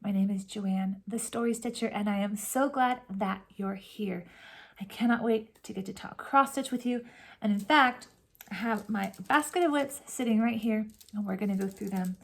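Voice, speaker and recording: A woman hosting a cross-stitch vlog, chatting warmly and emotionally to camera from home, with soft whispered asides. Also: mid-range voice, moderate pace, vocal fry. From California. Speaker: Flosstube host. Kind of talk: casual chat to camera.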